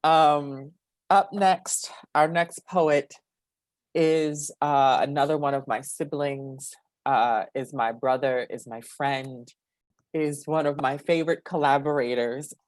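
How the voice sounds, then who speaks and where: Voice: medium pitch, fairly even intonation, takes it slowly, no echo, clean studio sound. A host introducing poets at an online reading, chatty and affectionate, with frequent ums and laughs. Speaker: event host. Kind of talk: casual chat.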